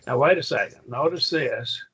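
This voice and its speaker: A man's voice: mid-range voice, normal speed, fairly bright tone, husky, rough recording. A man teaching a Greek grammar class, patiently quizzing his students with questions. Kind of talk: classroom lesson.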